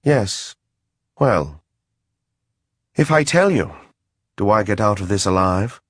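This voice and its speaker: A man doing a jittery, higher-voiced informant. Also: expressive, slow, husky, no room sound, studio quality, heavily acted. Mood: uneasy. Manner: anxious, hedging. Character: nervous scheming male informant.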